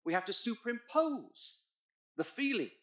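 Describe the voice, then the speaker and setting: A man's voice: extremely high pitch, big pitch swings, moderate pace. Emphatic male preacher in an echoey church. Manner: expository, asks congregation to look in their Bibles; emphatic, swells loud on key points. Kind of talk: sermon.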